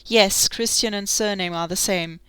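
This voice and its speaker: A woman voicing a guarded male priest with an Italian accent, asking measured, probing questions. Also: mid-range voice, sharp tone, clean tone, no room sound, close to an everyday voice.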